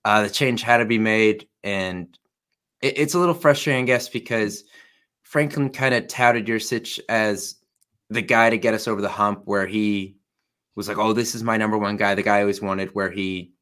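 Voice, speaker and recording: Lowish-voiced dude on a sports podcast, laid back, lotta kinda and i guess. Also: male voice, fairly even intonation, moderate pace, a bit bright. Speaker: podcast co-host. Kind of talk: casual sports talk.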